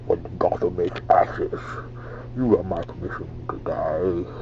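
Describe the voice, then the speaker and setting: A man voicing a menacing masked male villain in a breathy, muffled whisper, with slow, heavy delivery. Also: deep voice, flat delivery, very noisy. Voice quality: breathy, whispered, muffled through a clamped nose.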